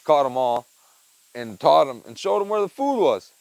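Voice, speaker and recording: A slightly high, sing-song, creaky voice with a little mellowness belongs to a young man vlogging at a moderate pace. The low-quality wearable-mic audio has no echo; he rambles casually while fixing a chicken feeder in a backyard by the coop and tool bench, saying "dude" and "man" a lot.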